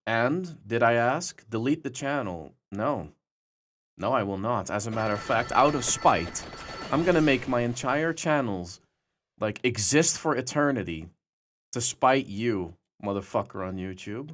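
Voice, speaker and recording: A man's voice: mid-range voice, expressive, measured pace, fairly bright tone, a little hiss or hum. A young man streaming live, chatting to his viewers and taunting a troll with profane mockery.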